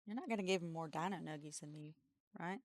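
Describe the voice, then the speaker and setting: A woman streamer at home, chatting casually and telling stories that wander, with giggles breaking through. Her voice sits on the low side and sounds dry and close to the mic. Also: quick pace, no echo. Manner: rambling, giggly storytelling. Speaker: streamer co-host.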